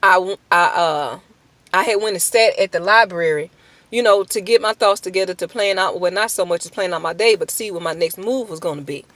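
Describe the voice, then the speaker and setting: A woman's voice: on the low side, a little fast, fairly bright tone, dry recording. A woman giving a personal faith testimony in earnest, emotional, informal speech, breaking into prayer. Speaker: testimony speaker.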